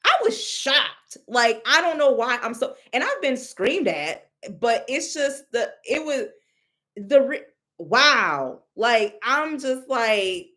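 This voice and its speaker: A young woman telling a story in a casual, expressive way, exclaiming and mimicking others, with many restarts. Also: fairly high pitch, slow. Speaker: storyteller recounting a reading.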